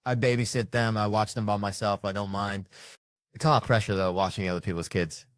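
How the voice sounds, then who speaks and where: A man doing stand-up comedy, telling stories in a loose, conversational way with animated asides. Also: on the low side, a little fast, dry recording, studio quality.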